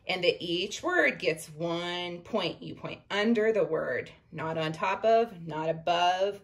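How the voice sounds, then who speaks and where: A woman teacher giving a reading lesson to young children, reading a book aloud word by word in an encouraging way. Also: fairly low pitch. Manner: encouraging, slow read-aloud pointing at each word.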